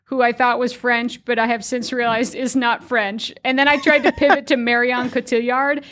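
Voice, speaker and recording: A chatty woman in her thirties, talking loosely on a podcast. Her voice sits a bit high, and she rambles through lots of fillers and quick laughs. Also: little pitch movement, a bit bright. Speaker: podcast co-host and player. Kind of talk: casual chat.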